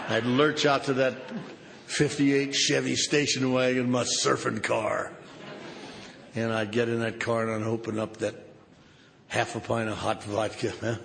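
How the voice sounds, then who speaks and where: A man's voice: mid-range voice, gravelly, a bit bright. An older man telling a story at a recovery meeting with a sardonic, punchy comic delivery. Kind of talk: humorous storytelling talk. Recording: reverberant hall with background noise.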